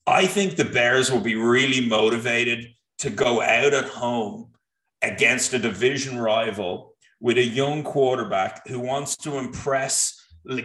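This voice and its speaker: Man talking betting picks in a roomy space. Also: mid-range voice. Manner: animated, restarts often, talks through stats. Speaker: sports betting co-host. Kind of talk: casual sports betting chat. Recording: roomy echo.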